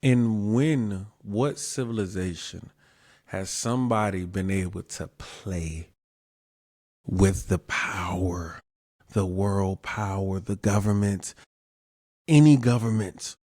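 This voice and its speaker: A man's voice: low-pitched, slow pace, darkish tone, dry recording, clean studio sound. A man hosting his own show, giving casual commentary in an emphatic way, repeating his points and asking rhetorical questions. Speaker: show host.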